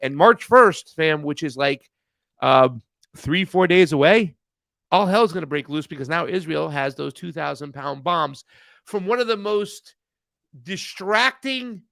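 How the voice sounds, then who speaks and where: A man's voice: on the high side, lively intonation, measured pace, gravelly, a bit bright, no room sound. A man hosting a casual political talk show over a video call, joking, rambling and swearing freely. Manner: loose, joking, profane, rambling. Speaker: host.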